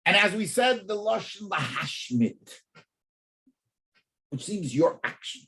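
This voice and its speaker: Rabbi giving a Talmud class, pitch leaps around a lot, stammers words while thinking. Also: male voice, slow pace. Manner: animated, repeats words while thinking, poses rhetorical questions. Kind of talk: in-depth Torah class.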